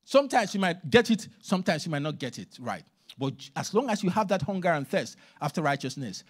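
A male minister preaching a sermon in church, emphatic, swinging between loud stresses and hushed asides. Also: a little high.

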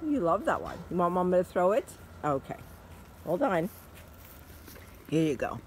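A woman vlogging outdoors in a yard, talking to her dog in high sing-song baby talk. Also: big pitch swings, normal speed, a little mellow, a little hiss or hum.

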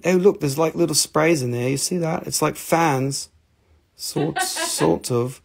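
A man's voice: a little high, unhurried, gravelly, slightly rough. A man hosting a casual live sales stream, joking, mocking himself and swearing casually as he shows off stones. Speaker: host selling minerals on a live stream.

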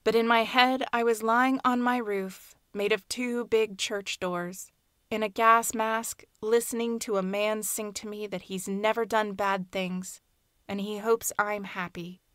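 A woman narrating a short story aloud in a soft, hushed, measured reading. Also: fairly high pitch, fairly even intonation, clean tone, dry recording, clean studio sound. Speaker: audiobook narrator. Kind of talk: scripted fiction narration.

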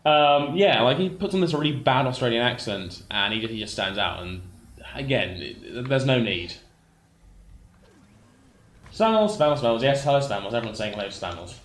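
A man's voice: mid-range voice, lively intonation, a little fast, a bit bright, reverberant, slight background noise. A man co-hosting a gaming livestream, chatting casually and hesitantly while reading the chat aloud.

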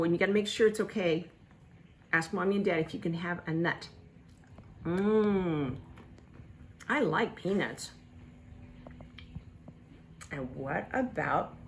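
A middle-aged woman leads a sing-song lesson for toddlers, speaking slowly and deliberately. Her delivery is animated, with exaggerated gasps of delight. A faint hiss of noise sits behind her voice. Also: medium pitch. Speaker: children's teacher.

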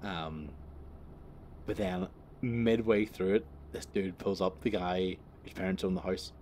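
Recorded in his car while driving, a young vlogger tells a crude, rambling anecdote, swearing freely and breaking off to laugh. His low voice is unhurried and darkish in tone, with slight background noise.

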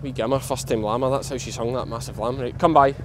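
A man's voice: medium pitch, fairly even intonation, quick pace. Scottish male farmer vlogger, casual running narration outdoors, noisy field recording. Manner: chatty, talks to the camera while working sheep with a dog. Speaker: sheep farmer. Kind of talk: casual vlog narration while working. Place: outdoors on a farm hillside.

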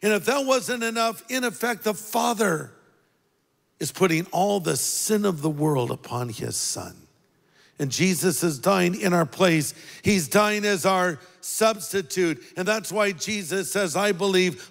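A man preaching a sermon as pastor, talking conversationally, dropping low for quoted words and rising for emphasis. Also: animated, a little slow, creaky, a bit bright. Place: large church auditorium. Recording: long reverb of a large hall.

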